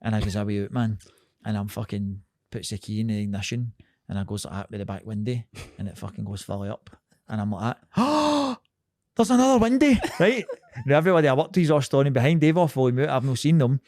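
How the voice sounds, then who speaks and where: A man's voice: on the low side, quick pace, no echo, studio quality. A man in his thirties with a Scottish accent, co-hosting a podcast and telling a story in casual, sweary chat, laughing as he goes. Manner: lively, sweary, laughs through his stories. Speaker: podcast co-host.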